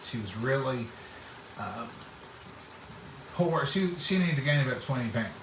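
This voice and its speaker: A man's voice: medium pitch, animated, a little slow, noisy background. Folksy man, distant roomy sound. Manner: folksy, acts out quoted speech. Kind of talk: casual storytelling chat.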